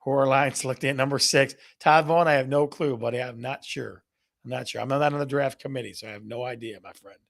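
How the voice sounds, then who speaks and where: A man with a mid-range, steady voice speaks fast, sounding creaky and a bit bright. As host of a live real estate stream, he playfully quizzes his viewers, repeating questions to them and reading their answers aloud.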